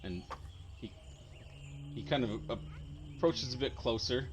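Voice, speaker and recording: A man's voice: medium pitch, lively intonation, unhurried, background noise. A man narrating as game master in a tabletop game, rambling with many fillers and restarts. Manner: rambling, full of likes and restarts.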